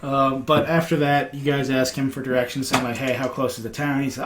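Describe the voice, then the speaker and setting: A man's voice: medium pitch, level tone, a little fast. A man recapping the story as game master. He describes scenes in a rambling way, with many fillers and restarts. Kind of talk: casual recap narration. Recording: roomy echo with faint noise.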